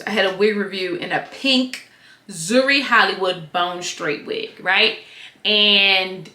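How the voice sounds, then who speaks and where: A woman giving a casual, slangy reality TV and wig review, animated and prone to wandering tangents. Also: medium pitch, roomy sound, a little hiss or hum.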